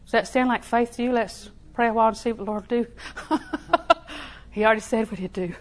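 A woman preaching a sermon in a folksy way, laughing often and repeating phrases softly. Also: on the high side, steady tone, fairly quick.

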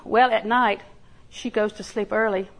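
A woman's voice: mid-range voice, fairly even intonation, a little slow, poor audio. An older woman preaching a sermon in a folksy storytelling way, acting out little quotes and laughing along. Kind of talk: sermon with homey stories.

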